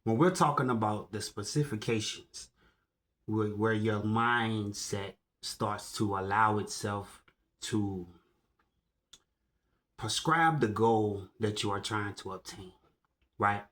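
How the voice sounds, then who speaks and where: A man giving a slow, deliberate motivational monologue, often pausing to ask "right?" and correcting himself. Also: lowish voice, fairly bright tone. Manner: slow, deliberate, keeps asking "right?" and restarting words. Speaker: motivational speaker. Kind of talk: slow solo monologue to camera.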